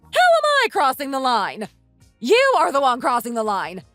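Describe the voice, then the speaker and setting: A condescending rich-girl snob with a high, swooping voice, sneering and shrill, as a woman puts her on. She talks down to everyone in a voiced texting story. The sound is close and dry, with soft music underneath. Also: huge pitch swings, normal speed, no echo, full character voice. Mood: scornful. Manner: haughty, sneering, shrill outbursts. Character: snobbish young woman, spiteful and condescending.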